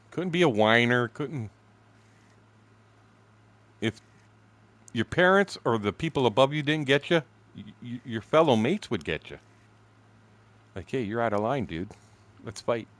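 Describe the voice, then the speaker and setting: A man in his sixties telling profane stories casually while streaming a fishing game, acting out shouted quotes. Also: mid-range voice. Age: 60s. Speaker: gaming streamer. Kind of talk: casual storytelling while gaming.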